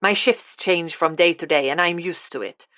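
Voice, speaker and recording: A woman voicing a brisk hotel worker who speaks slowly and deliberately. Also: lowish voice, bright, forceful tone, dry recording.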